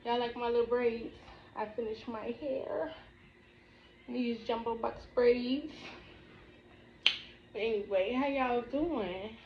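A woman's voice: on the high side, steady tone, takes it slowly, pauses often, noisy background. A woman, chatting playfully with viewers in a casual eating vlog, with sing-song repeats. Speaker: mukbang vlogger. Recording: slightly dull, echoey room with faint ambience.

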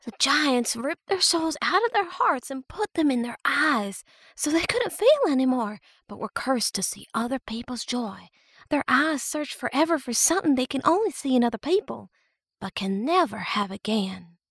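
A woman voicing a frightened young girl in an audiobook, high and trembling. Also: very animated, normal speed, fairly bright tone, slightly rough, no room sound, clean studio sound, exaggerated voice. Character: young girl, terrified and pleading.

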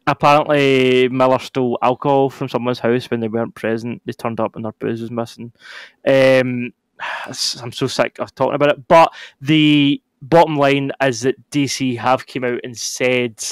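A Scottish man co-hosting a casual podcast, talking through the news in a measured, explaining manner. His voice sits at a middling pitch and sounds dry and close, with no room around it. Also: clean tone, no echo. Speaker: podcast co-host. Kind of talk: casual chat.

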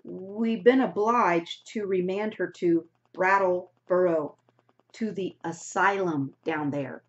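A woman reading aloud voices a rough, boastful middle-aged farmer uncle with a folksy drawl who keeps adding "eh?" to his lines. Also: on the low side, slow pace. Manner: folksy drawl, tags "eh?" onto lines, hearty then shifty. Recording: dull lo-fi recording.

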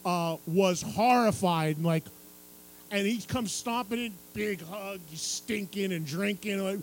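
High-voiced man telling a lively story. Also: unhurried, slight background noise, poor audio. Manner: lively storyteller who acts out other people's lines and laughs through the tale. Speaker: radio and TV music host telling a story at a book signing. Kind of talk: animated anecdote to a live audience. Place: radio station stage at a public event.

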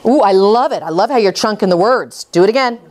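A woman reading teacher coaching a class through words, with upbeat praise and quick prompts. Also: mid-range voice, animated, noisy background.

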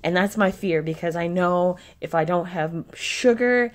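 A woman's voice: on the low side, unhurried. A young woman vlogging casually, venting in an irritated way and swearing often. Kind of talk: casual vlog chat.

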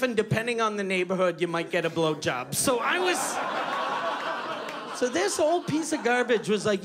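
A man from Quebec, doing a stand-up comedy set on a club stage, telling animated, profane stories full of restarts. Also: high-pitched, moderate pace, a crowd in the background. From Quebec, Canada. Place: comedy club stage before a live audience.

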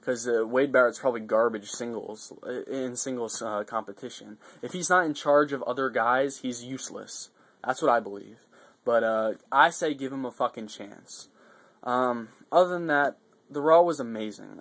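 A man's voice: mid-range voice, moderate pace. A man giving a casual, rambling video recap, swearing often and getting worked up between fillers and restarts. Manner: profane, excitable, rambling with fillers. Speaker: vlogger reviewing a wrestling show.

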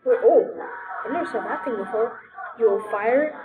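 A young woman giving excitable, giggly commentary while playing a video game. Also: on the high side, phone-quality sound, noisy background. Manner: giggly, excitable, quick outbursts. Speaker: gamer. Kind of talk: let's play commentary.

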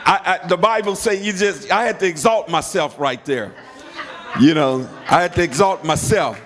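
A high-voiced, middle-aged pastor delivers a sermon at a moderate pace, his fairly bright tone trailing into a long church reverb while some chatter sounds behind. He repeats phrases for emphasis and calls on the congregation to respond.

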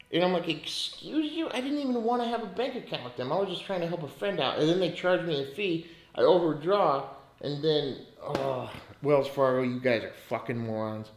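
This US podcast host talks money casually, cursing a lot and going off on blunt rants that come in bursts. His voice sits in the mid range, and the recording has a roomy sound.

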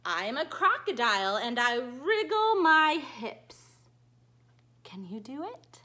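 A woman who teaches dance to small children, reading a picture book aloud in a slow, animated and cheery way that coaxes them to join in. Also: high-pitched. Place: dance studio.

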